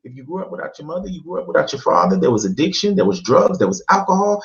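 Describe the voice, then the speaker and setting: A man's voice: a little high, big pitch swings, fast, gravelly, few pauses, lo-fi sound. A man being interviewed as a guest, telling his personal story in an earnest, reflective way with rhythmic lists.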